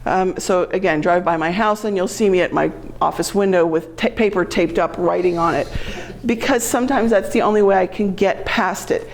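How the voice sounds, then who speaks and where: A woman's voice: fairly low pitch, moderate pace, a little hiss or hum. A middle-aged woman giving a lecture to a genealogy class, explaining in a chatty way with frequent ums and self-corrections. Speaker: genealogy presenter.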